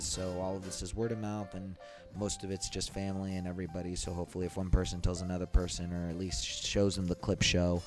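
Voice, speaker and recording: Low-voiced man hosting a podcast. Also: darkish tone. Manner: loose, rambling, pleading asides. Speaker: podcast host. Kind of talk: casual podcast clip-show hosting.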